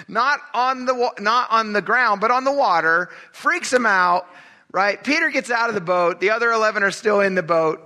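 A middle-aged male pastor preaching a casual, animated sermon, often asking his congregation "right?" and acting out quotes in a raised voice. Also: high voice.

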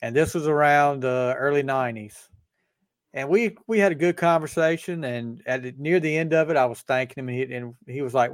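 A man's voice: medium pitch, brisk, no room sound, studio quality. A man hosting a sports podcast, chatting casually and animatedly as he tells stories and acts out quoted dialogue. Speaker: podcast host.

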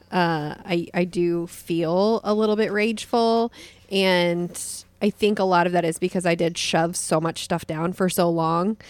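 A woman in her thirties co-hosting a podcast, soft-spoken and halting as she chats casually. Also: on the low side, no echo. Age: 30s. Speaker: podcast co-host.

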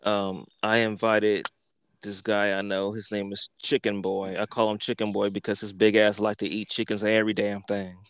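A man hosting a podcast, telling a comic story in a crude, animated way full of profanity. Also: lowish voice, normal speed, smooth. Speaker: podcast host.

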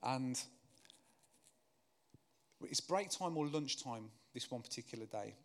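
Animated preacher, 30s. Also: male voice. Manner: animated storyteller, grows loud and high when excited, softer and slower in prayer. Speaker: guest preacher. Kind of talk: sermon storytelling.

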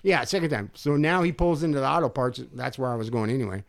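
A man's voice: medium pitch, fast, vocal fry. Profane older man telling a wild story. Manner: profane, animated storyteller acting out quotes. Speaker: podcast host telling a story. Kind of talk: casual storytelling chat.

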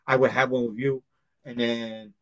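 A podcast host from Long Island talks in loose, rambling casual chat, full of fillers, restarts and easy swearing. His voice sits at an average pitch for a man. The recording is dry and somewhat dull, with a lo-fi sound. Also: level tone, normal speed, dry recording. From Long Island, New York.

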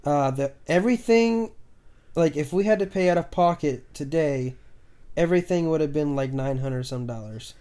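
A man hosts a casual home podcast, talking in loose, rambling sentences full of fillers. His voice sits a little high yet sounds mellow and relaxed. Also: moderate pace. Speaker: podcast host. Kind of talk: casual chat. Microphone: new budget desk microphone.

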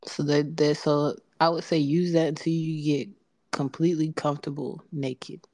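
A woman's voice: low voice, flat delivery, moderate pace, mellow, no room sound. A woman co-hosting a podcast, talking bluntly in slang and laughing at her own stories. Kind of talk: casual explicit podcast chat.

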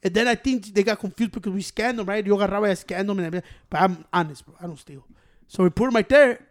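A man's voice: sits high, fast. A man telling a story in casual chat, laughing often, swearing freely and mixing Spanish into his English.

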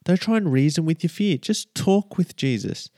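A man preaching a lively, emphatic sermon as a minister, often checking in with the listeners. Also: on the high side, normal speed, no room sound, clean studio sound.

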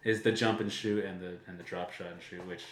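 Fast-talking tired man in an echoey room. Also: low voice, fairly even intonation, slight background noise. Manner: rambling, laughs often. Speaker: podcast co-host. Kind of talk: casual chat.

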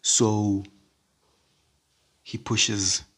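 A man's voice: fairly low pitch, little pitch movement, drawn-out words, a bit bright. A man giving a casual devotional talk to Christians, rambling and repeating words with lots of fillers. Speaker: podcast speaker.

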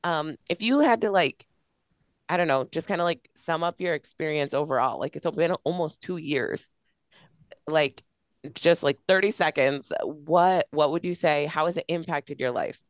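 A woman's voice: low-pitched, moderate pace, no echo, clean studio sound. Gushing young woman podcast host. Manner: gushing, filler-heavy with many "like"s. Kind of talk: casual interview chat.

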